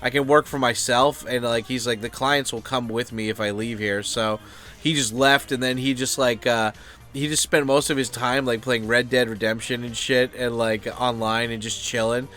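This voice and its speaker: This is rambling casual talk from a US vlogger who wanders off-topic, curses, tosses in asides and leans on fillers. He speaks at a normal speed in a mid-range voice that is steady, bright and forceful.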